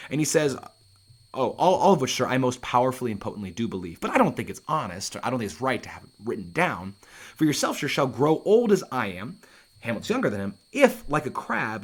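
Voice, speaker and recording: A man teaching a Shakespeare play, reading lines aloud and paraphrasing them in casual, lively asides. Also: medium pitch, fairly quick, breathy edge. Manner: lively, casual asides, often restarts and says um.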